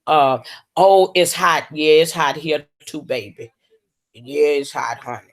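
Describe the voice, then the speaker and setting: A woman hosting a casual livestream, drawling and calling viewers baby and honey. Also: low voice. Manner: slow, drawling, full of terms of endearment. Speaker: livestream host.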